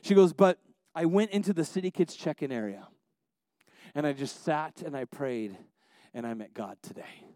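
A man's voice: fairly high pitch, animated, moderate pace, no room sound. A man preaching a sermon as a pastor, telling family stories with many restarts and building to passionate exhortations. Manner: storytelling, many restarts, swings between soft asides and rising exhortation.

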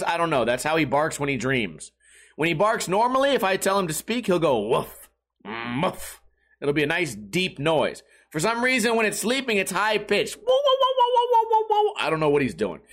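A young man with a fairly high voice talks in a loose, rambling podcast monologue. He swears freely and turns sarcastic as he tells his stories. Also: fairly bright tone. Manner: rambling, profane, sarcastic storytelling. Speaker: podcast host. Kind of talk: casual monologue.

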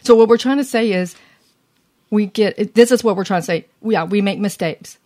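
An earnest woman chats casually about faith with other women. Her voice is lively and she laughs easily, with a middle-pitched tone. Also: moderate pace. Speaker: co-host of a women's faith talk.

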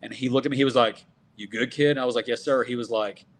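A man from Texas, a wrestler in his thirties, telling stories in a casual, animated way and acting out what people said. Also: medium pitch, fast talker, a little hiss or hum. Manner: animated, acts out quoted dialogue. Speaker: professional wrestler guest. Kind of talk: casual storytelling.

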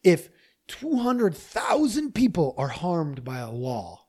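A man hosting a podcast delivers a monologue straight to his listeners. His manner is emphatic and animated. He talks the way someone would when making a persuasive case. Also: a little high, slow pace, slightly rough. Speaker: podcast host. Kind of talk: opinion monologue.

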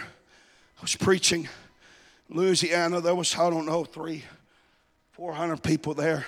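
A man preaching a sermon, shifting from hushed, confiding storytelling to impassioned, chanting calls to his congregation. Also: fairly high pitch, level tone, unhurried, pauses often.

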